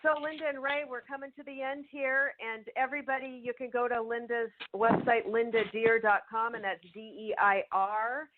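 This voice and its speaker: A woman's voice: on the high side, steady tone, normal speed, hardly any pauses, background noise. Chatty woman host on a tinny line. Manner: chatty, warm storyteller with many fillers and restarts. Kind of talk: casual chat, personal storytelling.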